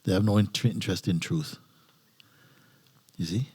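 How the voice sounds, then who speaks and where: A man with a fairly low voice tells a story at an informal retreat talk, breaking into laughter often. His phrasing is loose and non-native, with plenty of fillers and restarts. He is a spiritual teacher speaking casually to his listeners. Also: normal speed, a little mellow, husky.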